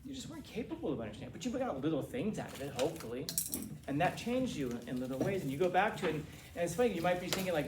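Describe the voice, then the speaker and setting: A man in his forties, a teacher, lecturing a class in a rambling, animated way with many restarts. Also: a little high, very fast. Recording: roomy classroom from a distance, faint hiss.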